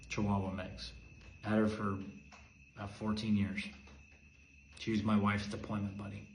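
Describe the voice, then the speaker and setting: A man telling a personal story in an intense, repetitive way, moving from urgent emphasis to a hushed voice. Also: on the low side. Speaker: video host. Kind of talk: emotional personal monologue. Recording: echoey room with faint ambient noise.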